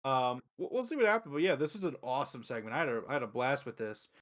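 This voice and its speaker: A man hosts a wrestling review show in casual chat, excitable and profane, retelling events with quick acted quotes. His voice is medium-pitched.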